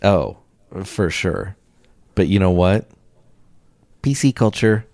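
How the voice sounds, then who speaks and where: A man co-hosting a comedy podcast, joking in a dry, deadpan way. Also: low voice, slow. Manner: deadpan, dry jokey delivery. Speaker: podcast co-host. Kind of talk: casual comedic chat.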